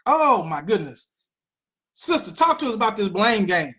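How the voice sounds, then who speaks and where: A woman hosting a political commentary show, talking in an animated way with mocking asides and repeated phrases. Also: mid-range voice, moderate pace. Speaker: host.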